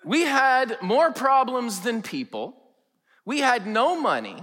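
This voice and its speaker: Animated pastor telling stories in a hall. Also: male voice, very high-pitched, slow. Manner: animated, humorous storytelling. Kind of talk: sermon with storytelling. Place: large chapel.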